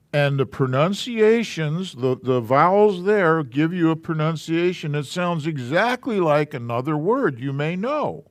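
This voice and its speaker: A man's voice: fairly high pitch, no room sound, clean studio sound. A man teaching a Hebrew alphabet class in a church classroom, patiently explaining letters and syllables step by step.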